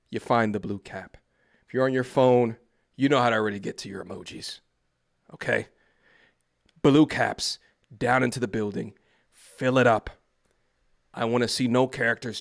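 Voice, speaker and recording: A man doing livestream reaction commentary, mocking and lecturing in loud, preachy rants aimed at his chat. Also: mid-range voice, steady tone, moderate pace, gravelly, pauses often.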